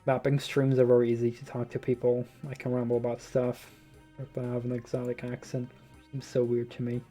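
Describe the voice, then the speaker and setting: A man's voice: medium pitch, monotone, a little fast, dark tone, soft background music. A Dutch man with a Dutch accent, a streamer chatting casually with his viewers, rambling and loose, with lots of "like" and free swearing. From Netherlands. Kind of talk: casual live-stream chat. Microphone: desktop USB microphone.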